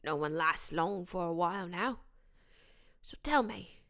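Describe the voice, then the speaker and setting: A woman reading an audiobook, voicing a huge, gruff but kindly male gamekeeper in a loud, hearty, blunt way. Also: fairly low pitch, lively intonation, measured pace, exaggerated voice.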